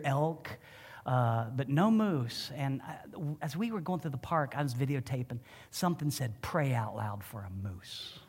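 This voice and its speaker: A man preaching a sermon as pastor, telling a personal story in an emotional, animated way. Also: mid-range voice, breathy edge, long reverb tail. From Ohio. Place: church.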